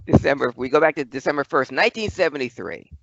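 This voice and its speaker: A man's voice: mid-range voice, quick pace, creaky, a bit bright, no echo, highs cut off. A man co-hosting a podcast as its wrestling historian, telling old stories in a wordy, dramatic way. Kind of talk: casual chat and storytelling.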